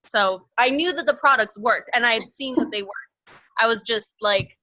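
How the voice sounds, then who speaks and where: A woman chatting casually about her own experience, bubbly and quick to laugh, full of "like" fillers. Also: on the high side, pushed and bright, no echo, low-quality recording. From northern Idaho, US. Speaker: team member sharing her story. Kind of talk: casual chat.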